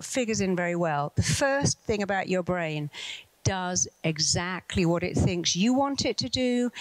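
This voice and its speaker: A woman's voice: medium pitch, no echo, poor audio. A woman with a British accent giving a motivational talk as a therapist, telling anecdotes and acting out the voices of the people in them. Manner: animated storyteller who acts out quoted voices. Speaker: therapist and speaker.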